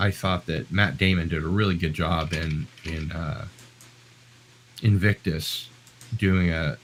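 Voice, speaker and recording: A man's voice: sits low, a little hiss or hum, low-quality recording. An American man live-streaming, talking in a chatty, rambling, self-deprecating way. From United States. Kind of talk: casual live-stream chat.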